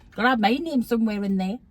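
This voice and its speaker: A woman's voice: fairly high pitch, brisk. A woman in her fifties with a Geordie accent, chatting casually and teasing her daughter in a blunt, jokey way. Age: 50s. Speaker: guest, host's mother. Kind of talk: casual chat.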